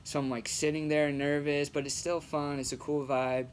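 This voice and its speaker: A man's voice: fairly high pitch, little pitch movement, normal speed, slight background noise. Laid-back young guy telling a story. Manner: laid-back, slangy, swears freely. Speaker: amateur stand-up comic. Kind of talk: casual storytelling.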